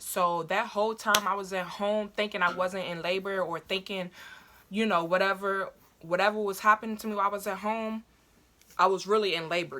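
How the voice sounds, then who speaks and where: Young woman vlogger, bright and forceful, animated, profane storytelling. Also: a little hiss or hum. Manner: animated, profane, acts out her own past lines in high cries. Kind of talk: casual storytelling to camera.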